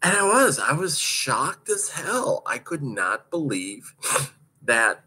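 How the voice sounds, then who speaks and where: A man's voice: medium pitch, very animated, slow, bright, forceful tone, slightly rough. A man casually recounting a hard skating practice, laughing often and swearing freely as he tells it. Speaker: roller derby skater recounting practice. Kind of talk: casual storytelling monologue.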